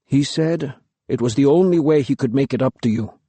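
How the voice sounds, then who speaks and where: A man voicing a kind, gentle young male warrior who speaks softly and calmly in an audiobook. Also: mid-range voice, moderate pace, breathy edge, no echo. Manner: soft-spoken, calm.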